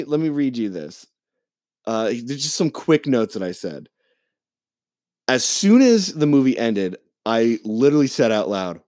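A man in casual podcast chat, swearing freely as he recaps a film with plenty of animation. His voice sits at an ordinary middle pitch, and the recording is dry and close. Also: no echo. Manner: profane, animated movie rant. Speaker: podcast co-host.

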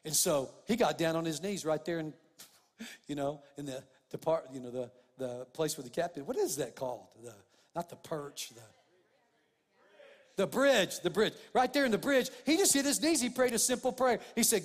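A man preaching a sermon with fervour, repeating phrases and calling his listeners "guys" as he builds to emphatic, louder points. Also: animated, normal speed, pauses often. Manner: fervent, rising in pitch and volume when stressing points. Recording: long hall reverb.

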